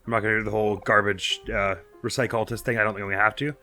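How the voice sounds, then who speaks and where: Bright-voiced gaming commentator. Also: male voice, on the low side, level tone, quick pace, faint music behind. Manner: chatty, wry, thinks aloud. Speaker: let's play host. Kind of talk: casual gameplay commentary.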